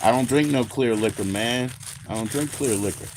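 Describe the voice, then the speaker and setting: A man's voice: mid-range voice, normal speed, a little hiss or hum. An American man chatting casually on a livestream with viewers, rambling, laid-back and swearing freely. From United States. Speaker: livestream host.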